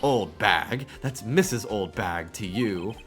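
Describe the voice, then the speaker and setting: A man's voice: fairly low pitch, expressive, slow, fairly bright tone, faint music behind. A man voicing a cranky elderly female security guard from a video game, scolding and indignant. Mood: crotchety. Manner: scolding, indignant, calls people whippersnapper.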